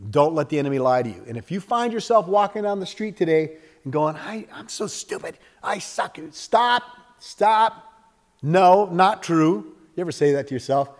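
A man preaching a sermon with lots of energy, acting out little scenes and jumping up and down in pitch and loudness. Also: normal speed, long reverb tail. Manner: animated, acts out little scenes with sudden jumps in pitch and volume. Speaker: pastor.

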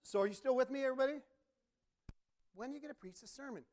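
A middle-aged man preaching a sermon as pastor, telling stories with bursts of shouting and imitated instrument sounds. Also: very high-pitched, fast talker. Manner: animated storytelling, sudden shouts and imitated organ sounds.

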